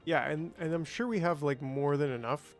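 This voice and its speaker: A man's voice: fairly high pitch, normal speed, faint music behind. A man streaming a game, chatting casually and thinking aloud, with playful sound effects. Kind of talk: casual gameplay livestream chat.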